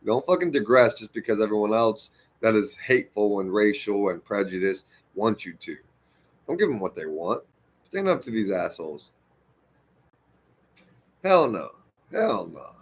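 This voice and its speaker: A man from the United States talking straight to his viewers in a heated, profane monologue, swinging between loud outbursts and muttered asides. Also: lowish voice, breathy edge. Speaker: vlogger. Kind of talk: impassioned monologue to camera.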